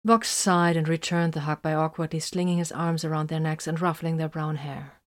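A woman narrating an audiobook in a steady, even storytelling manner. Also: low-pitched, moderate pace.

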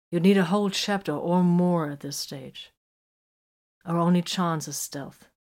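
A woman's voice: lowish voice, a little mellow, lightly acted. A woman reading the lines of a confident, dry-witted male psychic soldier in a sci-fi story, matter-of-fact and teasing.

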